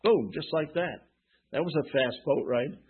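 Husky preacher on a tinny line. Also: male voice, a little high, normal speed. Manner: asks the congregation questions and answers them. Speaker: pastor. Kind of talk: sermon. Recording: tinny phone-like sound.

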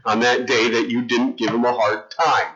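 Middle-aged male pastor, chatty storytelling sermon delivery, forceful tone, muffled recording. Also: mid-range voice, little pitch movement, normal speed. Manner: conversational, storytelling with self-interruptions and restarts. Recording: dull lo-fi sound.

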